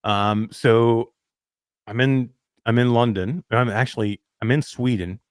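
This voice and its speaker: A man's voice: mid-range voice, fairly even intonation, measured pace, clean tone, dry recording, clean studio sound. A man co-hosting a casual talk show, telling stories in a rambling way with lots of fillers and laughing at himself. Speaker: podcast co-host. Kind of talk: casual chat.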